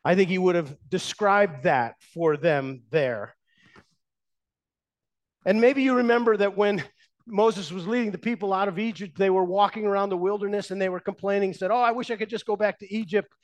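A pastor preaching in a fairly high voice, retelling old stories from the pulpit. He swings between raised emphasis and hushed, quiet lines as he builds his points. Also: normal speed. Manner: storytelling, shifting between loud and hushed. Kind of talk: sermon.

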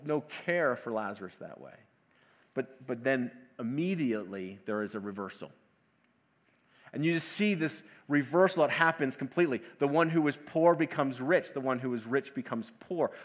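A man preaching a sermon, animated and acting out the voices of the people he quotes. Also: on the high side. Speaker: pastor.

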